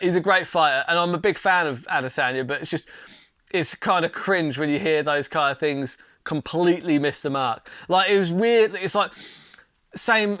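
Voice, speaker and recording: A man's voice: on the high side, pushed and bright, no room sound, studio quality. A man hosting a solo commentary podcast, talking in a blunt, opinionated and exasperated way with casual swearing. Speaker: podcast host. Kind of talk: solo commentary on mixed martial arts.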